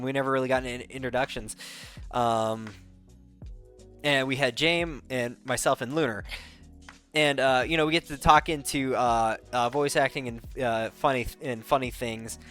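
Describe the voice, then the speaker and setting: A man's voice: medium pitch, fairly bright tone. A man telling a rambling, casual recap, full of fillers, restarts and laughter. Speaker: content creator. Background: faint background music.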